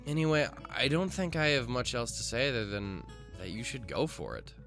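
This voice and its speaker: A man's voice: mid-range voice, very animated, moderate pace, gravelly, a bit bright, soft background music, pitched below the performer's own voice. A man reading as an awkward, earnest student. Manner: hesitant, stumbling.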